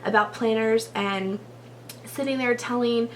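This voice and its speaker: A woman's voice: on the high side, fairly even intonation, measured pace, a little hiss or hum. A woman YouTuber from Texas talking casually to her viewers in a chatty, gushing way, with frequent laughs and long run-on sentences. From Texas, USA. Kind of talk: casual vlog talk to viewers.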